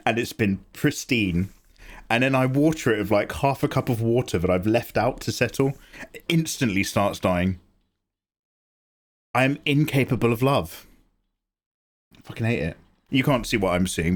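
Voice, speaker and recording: A young man casually chatting on an art livestream, theatrical and grumbling, with swearing. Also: mid-range voice. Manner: animated, theatrical complaining with swearing.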